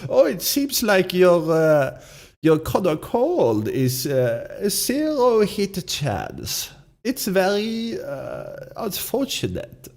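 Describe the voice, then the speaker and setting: A man's voice: high voice, huge pitch swings, slow pace, gravelly, a little mellow, voice pushed up, exaggerated voice. A man putting on the voice of a smug, mocking German villain from an old adventure film. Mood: gloating.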